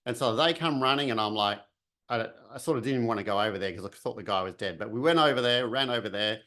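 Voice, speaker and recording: A man tells his own story in a relaxed, chatty way. His voice sits at an ordinary middle pitch. He acts out quotes and sounds as he goes. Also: quick pace. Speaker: vlogger telling a personal story. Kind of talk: casual storytelling.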